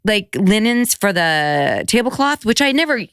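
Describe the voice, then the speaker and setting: A middle-aged woman, a podcast guest, telling a story in casual chat, acting out quotes with big jumps in pitch and swearing freely. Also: sing-song, a little slow, fairly bright tone, clean tone, no room sound, clean studio sound.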